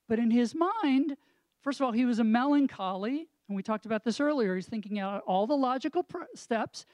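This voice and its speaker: Mellow-voiced man explaining with examples. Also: very high-pitched, moderate pace, dry recording. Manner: reflective, explains with examples and rhetorical questions. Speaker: co-host and marriage counselor. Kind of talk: casual chat with a pastoral tone.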